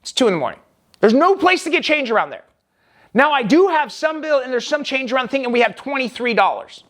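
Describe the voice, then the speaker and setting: Vlogger, male, high register; emphatic, rambling first-person storytelling with restarts. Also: big pitch swings, fast, fairly bright tone.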